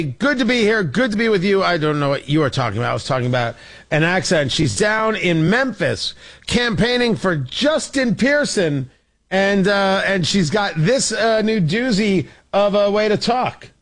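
A man hosting a political talk show, talking in a sarcastic, opinionated riff. His voice sits on the high side and moves expressively through a wide range. He often restarts his sentences mid-thought. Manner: sarcastic, animated, with frequent restarts. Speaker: radio talk show host.

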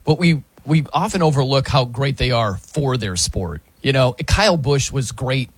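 A man hosting casual sports talk, animated and quick to laugh. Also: mid-range voice, breathy edge, no room sound. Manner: animated, laughs often, slips into mock announcer voices.

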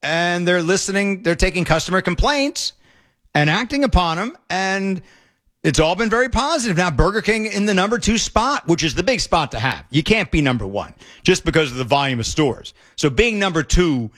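Middle-aged male talk radio host, opinionated, sarcastic, rambling; a touch higher than most men. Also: animated, normal speed, fairly bright tone.

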